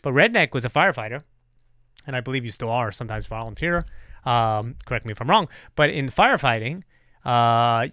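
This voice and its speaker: A man hosting a podcast, telling stories in a casual, profane, animated way. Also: mid-range voice, a little fast, dry recording, studio quality. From New York. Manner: animated storyteller, swears freely. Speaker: podcast host.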